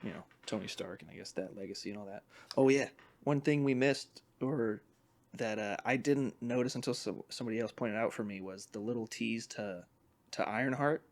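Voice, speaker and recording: A man's voice: lowish voice, brisk. A man co-hosting a podcast, chatting loosely with a lot of jokes and swearing. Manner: loose, joking, swears freely. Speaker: podcast co-host. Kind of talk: casual chat.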